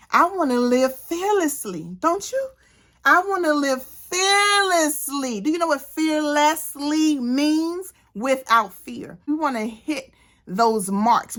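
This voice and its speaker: An animated woman talks straight to her viewers in a casual vlog, her voice sitting a little higher than most. She is playful and lively and sometimes turns preachy, like a friend hyping up her audience. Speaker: beauty vlogger and cosmetics consultant.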